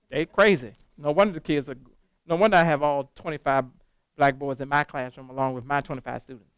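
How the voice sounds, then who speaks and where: A man leading a teacher training workshop, lively and animated, quizzing the room with questions as he goes. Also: a little high, a little fast, smooth, dry recording. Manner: animated, talks to the room with call-and-response questions. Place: classroom.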